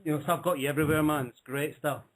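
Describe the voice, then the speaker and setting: A man's voice: fairly high pitch, fairly even intonation, racing, crowd noise. A man on a call-in chat, upbeat and enthusiastic with praise. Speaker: call-in participant.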